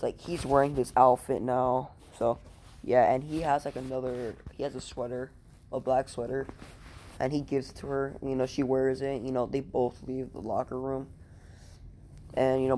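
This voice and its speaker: A man's voice: mid-range voice, warm tone, slight background noise. A man casually making up a fan-fiction story aloud, rambling, with lots of "you know" and "like", swearing freely.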